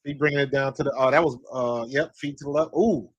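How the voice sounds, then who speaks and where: A man giving excited live fan commentary on a basketball game, talking to the players as if coaching them and scolding missed shots. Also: mid-range voice, fast, husky, dry recording, lo-fi sound. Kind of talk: live watch-along commentary.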